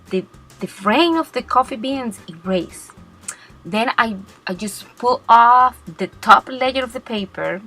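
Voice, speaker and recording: A woman walks through a card-making project at an unhurried pace, explaining each step. She often pauses and restarts while finding her words, and her voice sits at a medium pitch. Soft music plays faintly behind her. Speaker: cardmaking blogger. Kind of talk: crafting tutorial narration.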